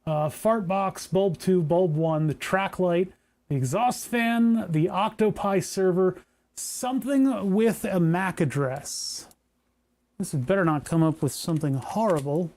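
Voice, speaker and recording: Male streamer, higher pitch, casual rambling tinkering talk with wry jokes. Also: unhurried, darkish tone. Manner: rambling, joking, talks to chat while working. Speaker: maker streaming a hardware project.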